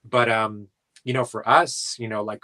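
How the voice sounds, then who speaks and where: A man's voice: lowish voice, fairly even intonation, normal speed, bright, forceful tone, poor audio. A man from South Dakota, a paranormal investigator being interviewed, talking in a rambling casual way with lots of filler words.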